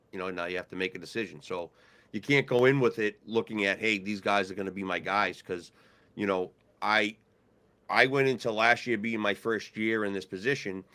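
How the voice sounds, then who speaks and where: A man co-hosting a casual podcast, a referee supervisor telling stories and acting out the people in them. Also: sits low. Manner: storytelling, animated when quoting others.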